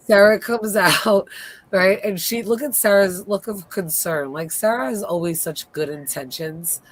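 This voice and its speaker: A woman hosting a casual live recap, retelling scenes in an animated way and acting out the characters' lines. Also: mid-range voice, a little slow, no room sound. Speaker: host.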